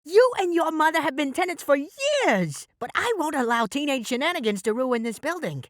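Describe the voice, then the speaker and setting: A man voicing an angry older landlady who scolds loudly in an audiobook. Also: sing-song, moderate pace, dry recording, studio quality. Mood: furious. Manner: shrill and scolding. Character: loud, furious large landlady, older woman.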